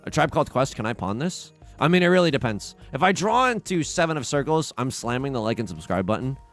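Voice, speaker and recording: A man's voice: medium pitch, sing-song, fast, a bit bright. A young man streaming, chatting casually and rambling with self-mocking jokes while he plays. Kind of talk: casual livestream chat while playing. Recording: faint music behind.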